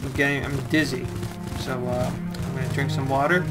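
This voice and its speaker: A man giving casual, excitable running commentary while playing a game, talking to himself and swearing mildly. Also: mid-range voice, fairly quick. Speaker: let's play host. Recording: clear music playing behind.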